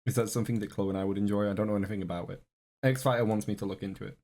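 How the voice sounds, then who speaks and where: A man's voice: lowish voice, steady tone, very fast, a little mellow. A man streaming a reaction to a video, chatting casually to his viewers with rambling, joking asides.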